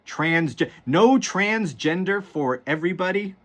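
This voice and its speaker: Brief: male political commentator, lively and slightly high voice, swearing and exasperated. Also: unhurried. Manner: profane, exasperated, repeats his words. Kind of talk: casual political rant.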